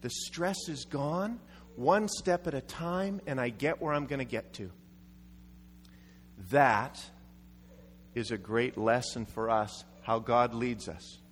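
A man's voice: mid-range voice, slow, pauses often, a little hiss or hum. A man preaching a sermon, telling a story animatedly and acting out quotes. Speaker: pastor. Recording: echoey hall.

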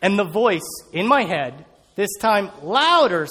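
A man telling a personal story as a sermon, animated and acting out scenes. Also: sits high, slow, slightly rough, long reverb tail.

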